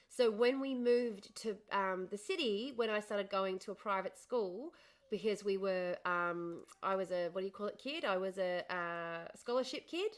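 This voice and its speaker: A woman's voice: mid-range voice, fairly bright tone. A middle-aged woman from northern Australia with a posh Australian accent, chatting casually on a livestream and answering comments. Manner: chatty, reads and answers comments, laughs often. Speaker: livestream host.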